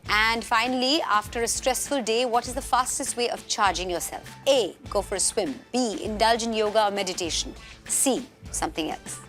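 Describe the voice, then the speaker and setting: A woman's voice: a little high, normal speed, fairly bright tone, faint music behind. A woman hosting a celebrity talk show over a video call, upbeat and reading sponsor lines in between questions. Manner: upbeat, scripted sponsor reads.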